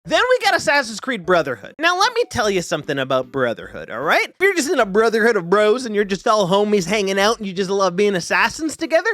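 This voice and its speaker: Animated, swearing gaming host. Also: male voice, quick pace, hardly any pauses, no echo. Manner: animated, profane, swings pitch freely. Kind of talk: casual ranking commentary.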